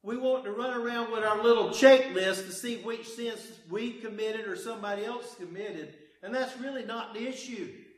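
A man preaching a sermon, with emphatic delivery that swings between loud declarations and hushed low passages. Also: normal speed, roomy sound. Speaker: pastor. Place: church service.

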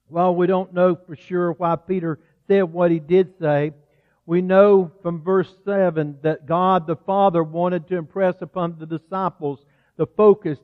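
A man preaching a sermon in a conversational way, slowing down to stress key words. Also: high voice. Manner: conversational preaching, slows for emphasis. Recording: tinny phone-like sound with long hall reverb.

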